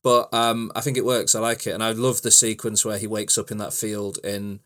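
A man co-hosting a podcast in casual chat, relaxed and rambling as he talks. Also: on the low side, a little fast. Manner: relaxed, rambling, many fillers and restarts. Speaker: podcast co-host.

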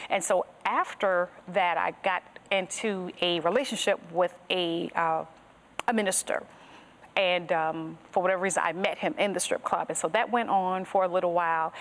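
Earnest woman telling her faith testimony. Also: fairly low pitch. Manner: earnest storytelling, strings thoughts with "and so". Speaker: guest sharing her testimony. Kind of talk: personal testimony in a podcast interview.

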